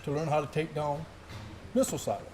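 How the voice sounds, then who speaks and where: A man's voice: fairly high pitch, level tone, fast, a little mellow. A middle-aged man, a former Special Forces soldier, telling a war story in casual chat and laughing through his words. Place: gun shop.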